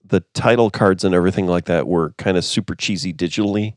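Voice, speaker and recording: A man's voice: deep voice, quick pace, dry recording, clean studio sound. A man co-hosting a podcast who chuckles and often trails off in half-finished sentences. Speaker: podcast co-host, musician. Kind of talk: casual chat about music and film.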